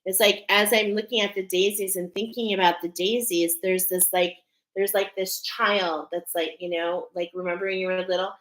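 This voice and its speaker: A woman's voice: mid-range voice, fairly even intonation, normal speed, a bit bright. Earnest lady doing a card reading, keeps saying okay?, roomy echo. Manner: earnest, emphatic, repeats "okay?" often. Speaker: oracle card reader. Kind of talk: spiritual card reading to viewers.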